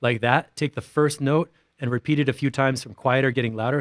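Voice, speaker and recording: A man's voice: mid-range voice, steady tone, a little fast. A man hosting a livestream, giving informal feedback on music tracks in a rambling way, now and then scatting rhythms aloud.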